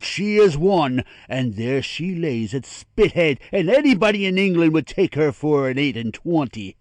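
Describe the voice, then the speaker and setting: An actor playing a loud, blustering older naval father in an audiobook dramatization, boisterous and swearing eagerly. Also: a little high, no echo, lightly acted.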